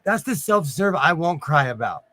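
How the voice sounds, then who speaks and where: A man from California hosting a casual livestream chat, talkative and quick to laugh. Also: fairly high pitch, big pitch swings, sharp tone. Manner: chatty, laughs often. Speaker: host.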